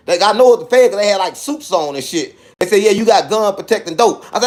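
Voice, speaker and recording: A fast-talking man barely pauses as he tells a wild personal story in casual speech. He's animated, acting out the dialogue and punctuating it with sound effects like "boom."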